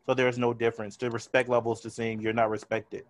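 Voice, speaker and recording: A man's voice: mid-range voice, level tone, quick pace. A man hosting a podcast, chatting casually and driving his points home by repeating himself. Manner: emphatic, hammers points with repetition. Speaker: podcast host.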